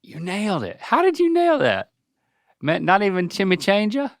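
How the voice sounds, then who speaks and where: A man's voice: sits high, wildly swooping pitch, moderate pace. A man hosting a casual podcast, playfully quizzing and coaching his father on pronunciation. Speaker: podcast host.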